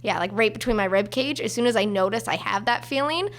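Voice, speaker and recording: A woman in her twenties, an actor talking casually as a podcast guest, animated and full of fillers. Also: mid-range voice. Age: 20s. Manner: animated, quick bursts, many fillers. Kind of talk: casual chat.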